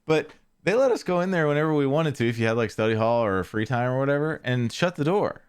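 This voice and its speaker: A man hosting a podcast, telling a casual story in a rambling way, often correcting himself and trailing off quietly. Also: medium pitch, lively intonation, quick pace, smooth. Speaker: podcast host.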